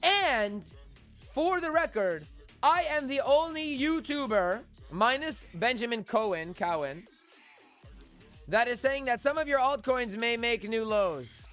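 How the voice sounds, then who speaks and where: A man's voice: very high-pitched, expressive, unhurried, a bit bright, soft background music. A man hosting a live crypto trading stream, hyped and joking, chanting a catchphrase over and over. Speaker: host, crypto trader. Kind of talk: live-stream market commentary.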